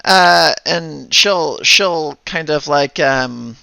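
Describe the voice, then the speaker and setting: A man narrating a tabletop game as game master, halting and thinking aloud as he goes. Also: fairly high pitch, vocal fry, pushed and bright, clean tone, dry recording.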